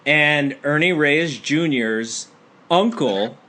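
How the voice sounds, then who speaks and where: Bright-voiced man telling a rambling story. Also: a little high, takes it slowly. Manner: rambling storyteller with many restarts. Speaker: podcast co-host. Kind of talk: casual chat.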